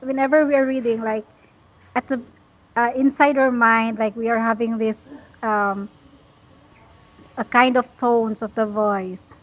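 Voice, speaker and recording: A woman teaching an English lesson, talking slowly and patiently with many fillers. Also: on the high side, muffled recording.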